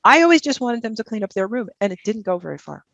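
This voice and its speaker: A woman's voice: on the high side, very animated, fast talker, vocal fry, dry recording, lo-fi sound. A woman in her seventies speaking as a guest on a video call from her home office, rambling and thinking aloud with many fillers and restarts. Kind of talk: conversational talk and audience Q&A.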